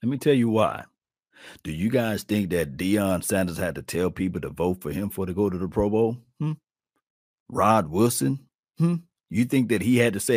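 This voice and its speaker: A man hosting a sports talk channel, chatting live with viewers in an animated, folksy way. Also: medium pitch, moderate pace, no room sound, studio quality. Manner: animated, folksy, addresses the audience directly.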